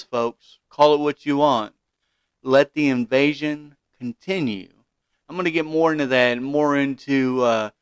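Male podcast host, opinionated commentary, smooth voice, indignant with stumbling restarts. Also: mid-range voice, dry recording. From Kentucky, USA.

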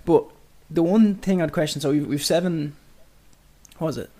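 A man co-hosting a sports podcast, giving a measured take that he thinks through aloud, clearing his throat now and then. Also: fairly high pitch, dark tone. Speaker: podcast co-host. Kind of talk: casual sports podcast chat.

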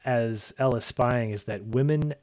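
A man's voice: mid-range voice, moderate pace, darkish tone, no echo, studio quality. Chatty man recapping a TV episode. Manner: chatty, laughs often, acts out quotes. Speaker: podcast co-host. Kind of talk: casual recap chat.

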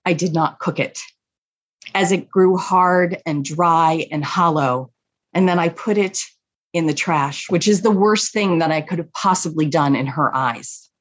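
A woman telling a family story in an unhurried, reflective way. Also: fairly low pitch. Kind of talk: personal story told to an audience.

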